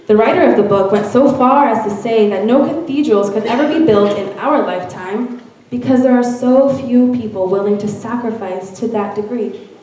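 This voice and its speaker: A woman reading a first-person narrative aloud with expressive storytelling at a church event. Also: a little high, moderate pace, slight background noise. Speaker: reader at a church Mother's Day event. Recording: very echoey room, from far off.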